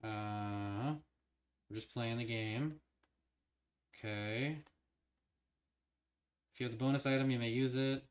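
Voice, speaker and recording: This mid-range male voice moves slowly and pauses often as he reads an interactive horror novel aloud for his stream. Every so often he stumbles, restarts the line, and then eagerly launches into his own theories.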